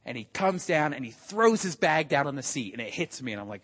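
A man preaches with lively emphasis, his voice sitting high for a male speaker. He acts out little quotes as he builds his points. A long reverb trails behind every phrase, as in a large church. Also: brisk, few pauses. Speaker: pastor. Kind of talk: sermon.

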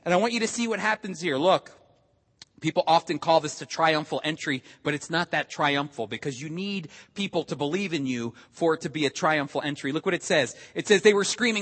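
A pastor delivers a sermon with lively emphasis and a slightly fast pace, his voice sitting high for a man. He acts out little quotes as he builds his points, and a long reverb trails each phrase, as in a large church.

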